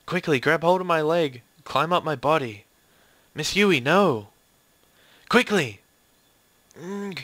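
A man's voice: mid-range voice, measured pace, long pauses, pushed and bright, no echo. A man voicing a caring, protective young female teacher in a horror game playthrough, urgent and commanding.

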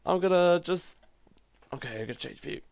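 Excitable man, high and dry. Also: normal speed, creaky, no echo. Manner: excitable, exclaiming at the game. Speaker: gaming channel host. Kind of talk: gameplay commentary.

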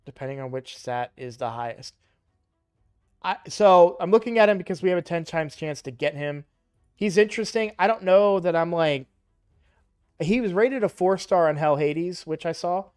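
A young man casually commenting on a mobile game he plays, rambling and correcting himself, louder and livelier when excited. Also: fairly high pitch, moderate pace, clear, resonant tone, soft background music. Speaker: gaming YouTuber.

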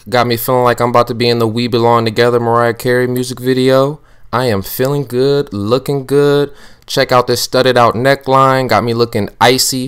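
A man's voice: medium pitch, clear, resonant tone, close to an everyday voice. A man doing a comedic voiceover as his young wife, playing a sassy fashion vlogger who shows off her outfits in a playful, boastful, teasing way.

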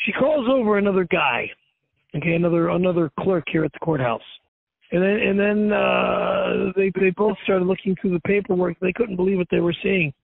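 A man's voice: high voice, normal speed, vocal fry, no room sound. Angry, ranting man on a tinny phone. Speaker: internet show host. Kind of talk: ranting vlog. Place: outside a courthouse. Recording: tinny dry phone-like recording.

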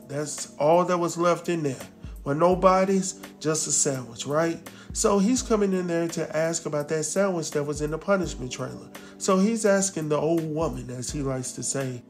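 A man casually recapping a drama episode, acting out the characters' lines and talking back to them. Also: a little high. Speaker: TV recap host.

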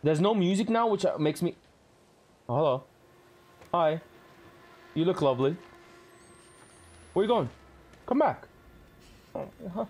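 A man's voice: high-pitched, expressive, unhurried, pauses often, darkish tone. A male streamer giving live commentary on a horror game, jumpy and swearing a lot while talking to his chat.

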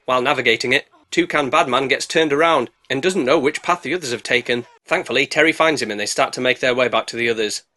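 A man's voice: quick pace, hardly any pauses, bright, forceful tone. A British man narrating a sarcastic, jokey movie recap as a reviewer. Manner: cheeky, sarcastic, bursts into squeaky put-on voices.

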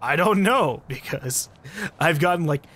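A man's voice: a little high, lively intonation, a little slow, a bit bright. A man giving sarcastic, joking commentary while playing a video game. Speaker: let's play commentator. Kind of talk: casual gaming commentary.

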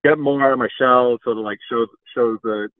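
Give me a hesitant, soft-spoken man from England calling in over a tinny phone line. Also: mid-range voice, fairly even intonation, fairly quick, no room sound. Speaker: caller. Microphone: phone call.

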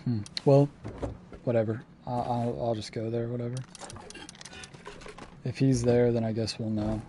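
Guy streaming a game, mellow voice, swears a lot, bit of hiss behind him. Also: mid-range voice, little pitch movement, a little slow. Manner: swears a lot, flips between laid-back and exasperated. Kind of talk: casual gaming stream commentary.

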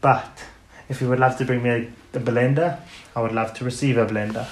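A man hosting a podcast in a casual ranting monologue, emphatic and sarcastic, hitting words loudly and then dropping into muttered asides. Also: medium pitch, fairly even intonation, moderate pace. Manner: emphatic, sarcastic, swings between loud stresses and muttered asides. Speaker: podcast host. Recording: roomy echo with faint background noise.

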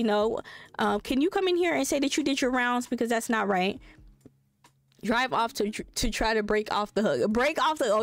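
A woman's voice: on the high side, no room sound. A woman streaming a life-sim game, giving casual, joking commentary full of swearing. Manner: animated, profane, joking.

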